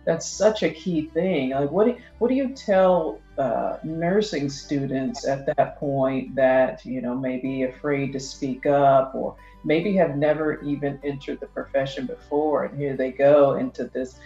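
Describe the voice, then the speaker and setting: A podcast host asking questions in a thoughtful, halting way, with many fillers. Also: medium pitch, dark tone, roomy sound, highs cut off, faint music behind. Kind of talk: podcast interview.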